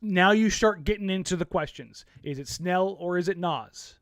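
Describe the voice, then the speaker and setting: A man co-hosting a relaxed sports podcast, telling stories in a blunt, joking way. His voice sits a bit high for a man. The recording is close and dry, with no room sound. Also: normal speed, no room sound. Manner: animated storyteller, jokey and blunt. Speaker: podcast co-host. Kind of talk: casual sports podcast chat.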